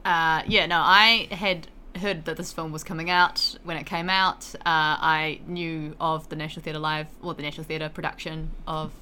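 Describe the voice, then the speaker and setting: A woman co-hosts a film podcast in a relaxed, chatty way and laughs easily. Her voice sits low but sounds bright and clear, with a faint hiss of noise in the recording. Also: moderate pace, few pauses. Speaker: podcast co-host. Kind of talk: casual chat.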